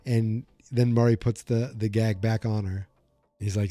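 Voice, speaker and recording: This podcast host chats through an episode recap, rambling and correcting himself, into a desk microphone. He has a mid-range, dark-toned voice at a moderate pace, recorded with no echo.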